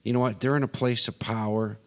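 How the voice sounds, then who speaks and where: A man's voice: mid-range voice, steady tone, fairly quick, in a large hall. A Canadian man co-hosting a casual discussion show, agreeing readily and restarting his sentences often. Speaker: podcast co-host.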